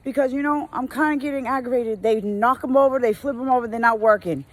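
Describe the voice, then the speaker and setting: A woman's voice: fairly high pitch, fast, no room sound. A woman who works in retail, venting in a casual rant while driving, exasperated and full of slang, mimicking customers as she goes. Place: in a car.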